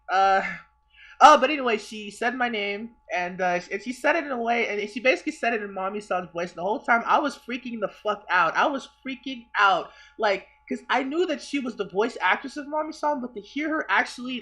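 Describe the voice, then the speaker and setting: Young guy vlogger, bright, stammery and sweary. Rambles as he tells a story. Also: high voice. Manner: rambling, stammering, repeats himself, swears a lot. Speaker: vlogger telling a personal story. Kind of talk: casual storytelling.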